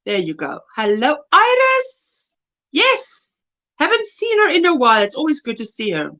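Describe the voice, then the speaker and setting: Lively high South African woman chatting. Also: normal speed. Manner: warm greetings, reads chat messages aloud, laughs often. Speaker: crochet livestream host. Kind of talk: casual livestream chat reading viewer comments.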